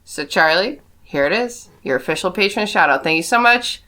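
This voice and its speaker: Bright, lively, playful woman host. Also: fairly low pitch, moderate pace. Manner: playful, giggly, upbeat. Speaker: podcast host. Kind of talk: casual chat.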